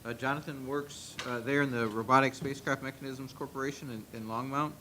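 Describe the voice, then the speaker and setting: A man moderating a workshop session, introducing the next presenter in a deliberate, halting way. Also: steady tone, low-quality recording. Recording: loud rumbling noise behind.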